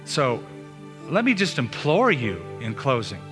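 A man's voice: mid-range voice, wildly swooping pitch, measured pace, over music. A male pastor preaching a sermon in an earnest manner, asking rhetorical questions of his listeners. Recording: long hall reverb.

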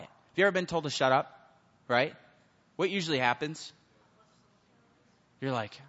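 A man's voice: on the high side, fairly quick, pauses often. A man preaching a sermon to teens as a youth pastor, acting out the people in his stories. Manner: animated storytelling, acts out the people in the story. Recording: muffled sound with long hall reverb.

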